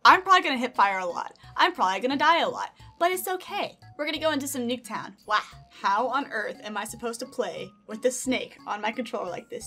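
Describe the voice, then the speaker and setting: Giggling as she plays a video game, a young woman YouTuber offers casual commentary and coos to her pet snake. She speaks briskly and animatedly in a fairly high, bright, forceful voice, with soft music in the background.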